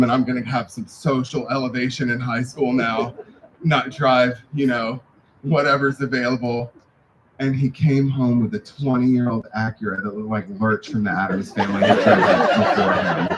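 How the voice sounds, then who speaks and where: Telling family stories about his late father, a man gives a memorial speech, warm and anecdotal with a touch of humor, at a memorial service venue. His voice is mid-range, and there's background noise.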